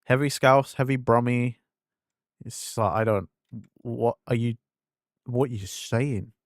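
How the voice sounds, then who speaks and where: Rambling young man, softened English accent. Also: mid-range voice, unhurried, no room sound, clean studio sound. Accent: fading English, London-leaning. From England. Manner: rambling, filler-heavy, self-interrupting. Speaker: streamer. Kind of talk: casual gaming stream chat.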